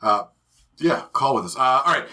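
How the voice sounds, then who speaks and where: An animated man co-hosting a fan podcast, chatting casually and cracking jokes. His voice is bright and forceful. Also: medium pitch, normal speed. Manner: animated, joking. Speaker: podcast co-host. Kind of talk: casual chat.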